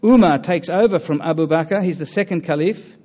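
Earnest, halting man lecturing. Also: fairly high pitch, mellow, dull audio. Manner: earnest, halting, with many fillers and restarts. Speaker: lecturer on religion. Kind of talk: public talk with audience questions.

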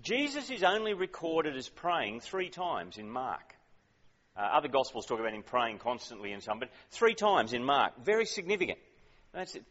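A man's voice: mid-range voice, big pitch swings, moderate pace, a bit bright, big-room sound, muffled recording. A man preaching a sermon in a conversational, emphatic way, often asking questions.

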